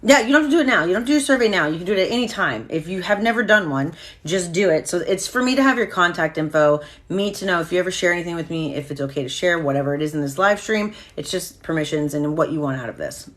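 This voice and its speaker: A woman's voice: lowish voice, animated, fast, hardly any pauses. A woman hosting a casual live stream, talking candidly and swearing freely as she reacts to viewer comments.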